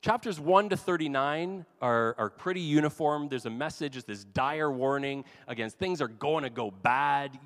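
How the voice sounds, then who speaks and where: A man's voice: on the high side, normal speed, few pauses, a bit bright. A man preaching a sermon as pastor, talking in a casual, conversational way with asides. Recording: long hall reverb.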